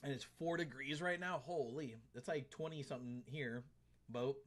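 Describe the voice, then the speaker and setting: A man's voice: mid-range voice, normal speed. A man streaming a game live, chatting casually and laughing as he reads and answers his chat. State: tired arms after a workout.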